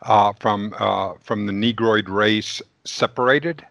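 A man interviewing a guest, with an effusive, wordy manner and many stumbling restarts. His voice is mid-pitched and recorded dry and close, with a slightly dull sound. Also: steady tone, takes it slowly, vocal fry, a bit bright, no room sound. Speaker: interviewer, host. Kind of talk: casual interview.

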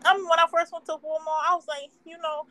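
A woman's voice: extremely high pitch, level tone, quick pace, pushed and bright, low-quality recording. A young woman chatting casually, filling her talk with "like" and "you know" and laughing often. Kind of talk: casual chat.

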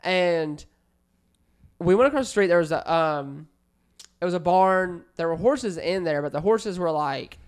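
A man's voice: high-pitched, lively intonation, unhurried, clean tone. A man telling a rambling childhood story in casual podcast chat, swearing and laughing often. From United States. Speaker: podcast co-host.

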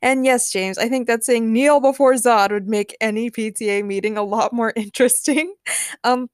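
A woman's voice: on the high side, moderate pace, clean tone, no room sound, clean studio sound. A woman hosting a podcast, chatting playfully and then narrating short fan stories. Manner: upbeat, playful, giggles at her own jokes. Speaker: podcast host and fanfic narrator. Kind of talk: casual podcast chat and storybook narration.

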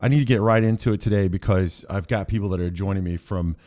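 Low-voiced man hosting a rambling podcast. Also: quick pace, mellow, a little hiss or hum. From Kansas. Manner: rambling, joking, full of restarts. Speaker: podcast host. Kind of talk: casual podcast chat.

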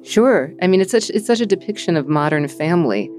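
A woman hosting a podcast, narrating and reflecting in a thoughtful, measured way. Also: on the low side, lively intonation, darkish tone, faint music behind. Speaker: podcast host.

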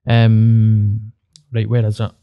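A man's voice: on the low side, completely flat delivery, slow, clear, resonant tone, no room sound, highs cut off. A man with a Glaswegian Scottish accent, co-hosting a podcast in casual chat, blunt and sweary, open about his own struggles. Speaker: podcast co-host.

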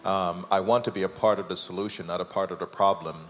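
A man with a Jamaican accent, a guest pastor preaching with fervor that climbs from low and measured to loud and soaring. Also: fairly even intonation, soft background music. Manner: fervent, builds from low and slow to loud and high.

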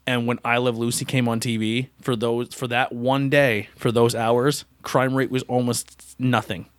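A man's voice: mid-range voice, little pitch movement, unhurried, no room sound. A man hosting a casual interview podcast, joking and acting out quotes in silly voices. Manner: jokey, acts out quotes in put-on voices. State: out of breath. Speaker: podcast host.

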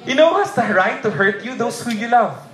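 A Filipino man preaches an animated, humorous sermon in a fairly high voice. He keeps prompting the congregation for a response. The sound is roomy and echoey, with a crowd audible in the church. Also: normal speed. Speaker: pastor.

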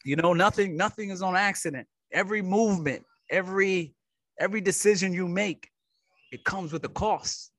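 A man on a casual faith podcast whose voice sits a little high for a man. He keeps backing up his co-host with short affirmations. The recording is dry and close. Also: normal speed, fairly bright tone, no room sound. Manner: affirming interjections, calls out "facts".

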